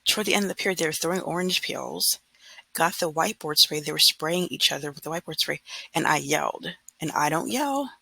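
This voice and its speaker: A woman's voice: low voice, expressive, fairly quick, vocal fry, pushed and bright, slightly rough, no room sound, poor audio. A woman in her thirties, a substitute teacher, venting casually and acting out what she told her class. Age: 30s. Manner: exasperated, retells scenes with quoted dialogue.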